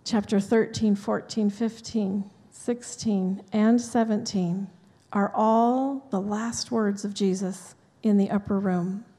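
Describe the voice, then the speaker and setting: A woman's voice: mid-range voice, fairly even intonation, takes it slowly, few pauses, dark tone. A woman pastor giving a sermon in a conversational, chatty way, with asides to the congregation. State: dry mouth from allergy medicine. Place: church sanctuary. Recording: long hall reverb in a church.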